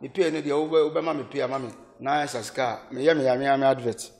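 Ghanaian guy in an interview, fast talker, animated, mixing in english. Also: medium pitch, gravelly. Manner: animated, switches between Twi and English, laughs often. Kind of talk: casual interview.

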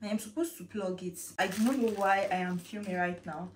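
A young woman vlogging casually from her home kitchen into a phone, telling a story in an animated, repetitive way. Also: mid-range voice, fairly quick, a little hiss or hum. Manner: chatty, animated storytelling, repeats herself. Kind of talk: casual vlog chat. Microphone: phone camera. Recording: echoey room, mic at a distance.

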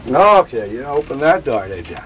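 A man who teaches about grief, answering interview questions in an animated, digressive way and acting out quotes. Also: medium pitch, normal speed, a little hiss or hum, poor audio. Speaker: grief educator.

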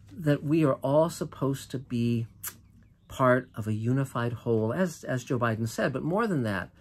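Older American man, mid-pitched, earnest and impassioned solo monologue, restarts often. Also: slightly rough. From United States. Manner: earnest and impassioned, with frequent restarts and drawn-out emphatic phrases. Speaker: host. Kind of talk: political monologue to camera.

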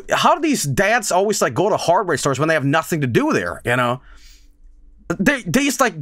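A man's voice: a little high, no echo. Young guy streaming from home, swears a lot, laughs mid-sentence, voice jumps all over, super dry close mic. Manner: animated, laughing, swearing, with sudden loud outbursts. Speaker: game streamer. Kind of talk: casual storytelling on a live stream. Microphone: desk microphone.

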